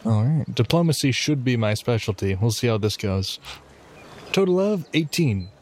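A man's voice: medium pitch, lively intonation, normal speed, a little mellow. A man playing a tabletop game, playful and a bit hesitant, with fillers. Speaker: player.

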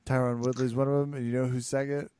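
A man's voice: mid-range voice, level tone, quick pace, warm tone, clear, resonant tone, no room sound. A man co-hosting a podcast in casual chat, making wry, dry jokes. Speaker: podcast co-host.

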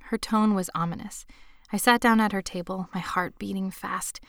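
A woman's voice: medium pitch, moderate pace, no room sound, studio quality. A woman narrating her own memoir in a subdued, intimate way. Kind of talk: first-person memoir narration.

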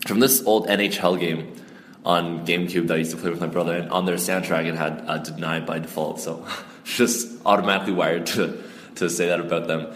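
A man hosting a casual music podcast, chatty and quick to exclaim in surprise. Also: sits low, roomy sound, in a large hall. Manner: excitable, quick to gasp and exclaim. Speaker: podcast host.

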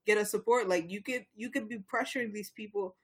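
A man's voice: sits high, fairly quick, fairly bright tone, slightly rough. A young man co-hosting a casual talk show, speaking with passion, rambling and often restarting. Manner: impassioned, rambling, many restarts. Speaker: podcast co-host. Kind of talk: casual chat.

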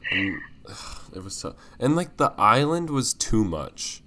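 Young male co-host, deep voice, blunt and theatrical, casual chat. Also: very animated, slow pace. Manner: blunt, dramatic dislikes, trails off quietly. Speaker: podcast co-host.

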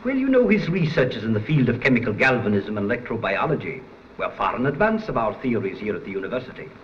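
Actor as grave elderly professor, faint German accent, lively warning pitch, muffled 1930s film audio with hiss. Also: male voice, fast talker, natural voice. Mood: earnest. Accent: light German. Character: elderly male university professor, grave and cautionary.

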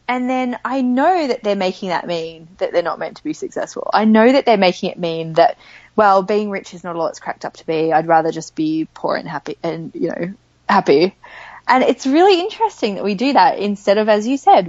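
A woman talking as a money coach in a casual chat, telling lively stories and acting out the voices of the people in them. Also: medium pitch, moderate pace, dry recording, highs cut off. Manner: animated storyteller, acts out quoted voices. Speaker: money coach, podcast guest.

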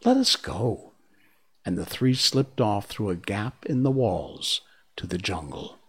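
A man narrating a classic storybook in a measured, hushed manner. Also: on the low side, animated, slightly rough.

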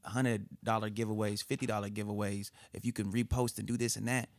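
A man's voice: on the low side, flat delivery, fairly quick, dry recording, studio quality. A man in casual podcast chat, talking emphatically and often asking "you know what I'm saying".

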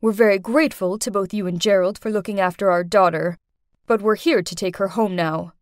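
A woman's voice: medium pitch, fairly even intonation, a little fast, no echo, clean studio sound, pitched below the performer's own voice, lightly acted. A woman voicing a grateful, well-off middle-aged mother speaking politely.

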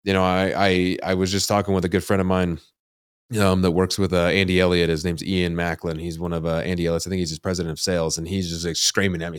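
A man's voice: low-pitched, flat delivery, fast talker, smooth, no room sound, studio quality. A man hosting a podcast, talking candidly and rambling, with many fillers like "like" and "you know". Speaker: podcast host. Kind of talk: casual podcast interview.

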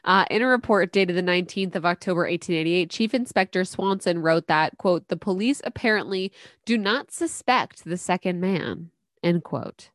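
A woman's voice: lowish voice, moderate pace, no room sound, studio quality. A woman co-hosting a podcast, reading true-crime notes in a casual chat, stumbling over words and laughing. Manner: reads aloud, stumbles on words, laughs and jokes. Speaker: podcast co-host.

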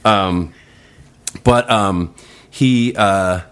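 Man, lowish voice, loose rambling storyteller with lots of restarts; podcast guest. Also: drawn-out words, a bit bright, clear, resonant tone. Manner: rambling, acts out voices in quotes. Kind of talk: casual storytelling.

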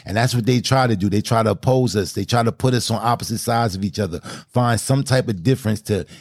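A young man hosting an interview in casual, animated, slang-filled chat, speaking with emphasis. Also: on the low side, fast, no room sound, clean studio sound. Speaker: podcast host.

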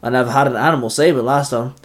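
A man's voice: fairly high pitch, normal speed, lightly acted. A man voicing a determined young male ranger hero in a read-aloud story.

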